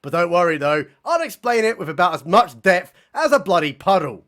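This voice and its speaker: A man's voice: high voice, sing-song, brisk, fairly bright tone. A man voicing a know-it-all woman scientist who lectures a child in a condescending way. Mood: smug.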